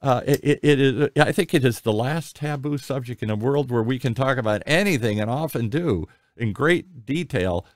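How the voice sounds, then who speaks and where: A man in his sixties hosting an interview, telling personal stories in a candid, rambling, animated way. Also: medium pitch, moderate pace, few pauses, no room sound, clean studio sound. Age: 60s. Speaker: podcast host. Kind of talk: conversational interview.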